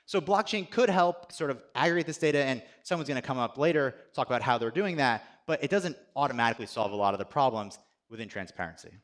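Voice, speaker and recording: A young man, a software engineer, giving a casual, chatty conference presentation with lots of "like" and self-deprecating asides. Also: medium pitch, expressive, fast talker. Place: conference stage.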